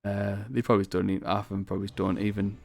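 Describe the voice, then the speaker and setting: Rambling northern English man, low-ish voice. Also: little pitch movement, very fast, creaky, a little mellow, soft background music. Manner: rambling, chatty, swears casually. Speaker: gaming video host. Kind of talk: casual strategy game commentary.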